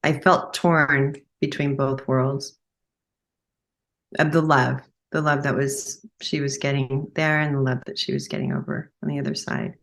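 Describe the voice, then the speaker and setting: A woman's voice: extremely low pitch, fairly even intonation, a little slow, fairly bright tone. A woman working as a medium on a podcast, hesitantly passing along what she says she is being told. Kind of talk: conversational relaying of messages.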